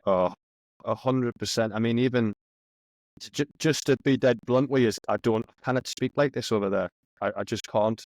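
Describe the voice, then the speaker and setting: A man's voice: medium pitch, normal speed, darkish tone, no echo. A young man with a Geordie accent, a podcast guest chatting casually with banter and heavy local slang. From northeast England. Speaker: podcast guest, soccer captain. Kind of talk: casual chat.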